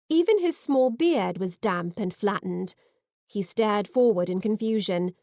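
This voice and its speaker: A woman narrating an audiobook in first person with lively, expressive reading, on a close mic. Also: a little high, no echo.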